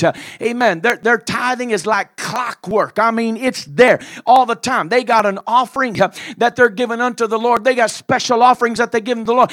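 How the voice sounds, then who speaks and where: A man preaching a sermon in a fiery manner, shouting drawn-out phrases with frequent filler uhs. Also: very high-pitched.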